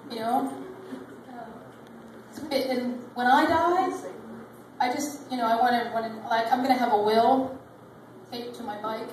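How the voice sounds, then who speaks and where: With a fairly high pitch, normal speed, and long pauses, a woman in her thirties works through a rambling, self-deprecating stand-up routine at a comedy club. The distant mic catches an echoey room with audience laughter and background noise.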